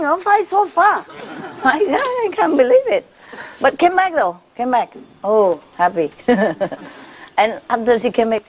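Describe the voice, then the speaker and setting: A woman spiritual teacher speaking informally to her followers, laughing often and repeating warm phrases. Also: mid-range voice. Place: gathering with a live audience.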